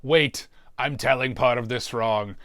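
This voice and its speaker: A man plays a demonic torturer hosting a mystery show, telling a comic in-character story about suffering in a wry mood. His voice is mid-range and fairly bright, delivered gravelly and slow as he relishes the talk of suffering. The recording is dry and clean, studio-quality.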